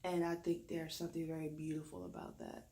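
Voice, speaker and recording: A woman with a Southern drawl, a deep raspy voice and a lisp, giving a spoken reflection as a reiki practitioner. She tends to talk fast when excited but deliberately slows herself down.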